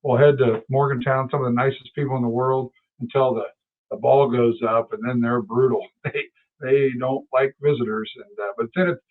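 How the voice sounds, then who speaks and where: A man's voice: medium pitch, fairly even intonation, normal speed. A man co-hosting a sports podcast, chatting casually and rambling through stories with restarts. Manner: rambling, self-correcting storyteller. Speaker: podcast co-host. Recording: tinny phone-like sound.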